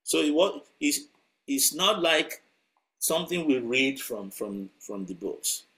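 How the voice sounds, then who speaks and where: A man's voice: mid-range voice, lively intonation, takes it slowly, fairly bright tone. A man preaching a sermon through a story, conversational and chuckling as he tells it.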